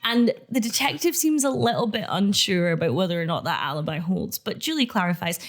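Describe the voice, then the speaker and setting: A woman's voice: lowish voice, animated, fairly quick, hardly any pauses. A young woman chatting casually as a podcast co-host, laughing often and acting out the lines she quotes. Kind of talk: casual chat recapping a TV show.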